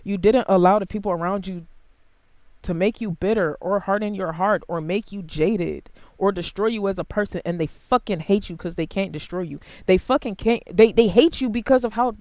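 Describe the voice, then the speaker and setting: A tarot reader giving a casual, blunt and heavily profane reading to camera, swinging between quiet asides and loud outbursts. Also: normal speed, dry recording. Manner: big jumps in pitch and loudness.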